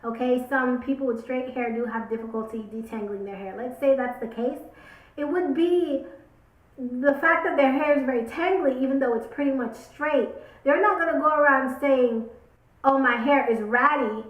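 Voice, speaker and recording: A woman's voice: high-pitched, normal speed, phone-quality sound. A young woman in her twenties, a beauty vlogger, speaking emphatically and opinionated to camera, repeating words for stress. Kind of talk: casual talk to camera. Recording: roomy echo.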